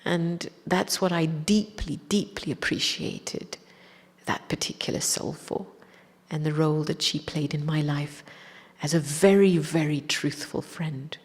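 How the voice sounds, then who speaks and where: A woman with a slightly low, breathy voice tells a personal story at a spiritual gathering. Her telling is reflective and gentle. The sound carries a long reverb from a large hall. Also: measured pace. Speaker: spiritual speaker.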